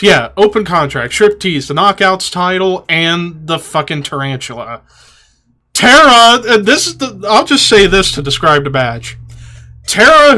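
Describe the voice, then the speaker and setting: A man's voice: high-pitched, bright, forceful tone. A man hosting a podcast in casual chat, ranting with profanity in an exasperated way. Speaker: podcast host.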